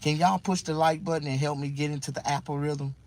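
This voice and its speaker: A man's voice: a little high, fairly even intonation, a little fast, darkish tone, poor audio. A man talking casually to viewers on a livestream, rambling and repeating himself in mock confusion.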